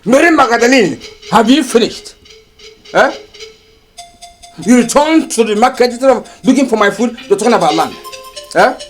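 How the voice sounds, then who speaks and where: An actor playing an arrogant, greedy brother-in-law who lectures and mocks, speaking with a Nigerian accent over a film score. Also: male voice, very high voice, animated, moderate pace, pauses often, soft background music. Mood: commanding. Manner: scornful, lecturing, mocking. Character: arrogant greedy middle-aged man seizing land.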